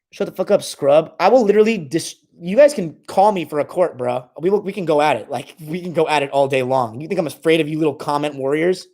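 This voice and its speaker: A man's voice: on the high side, brisk, darkish tone. A young man hosting a casual live stream, reading comments aloud and trash-talking his viewers.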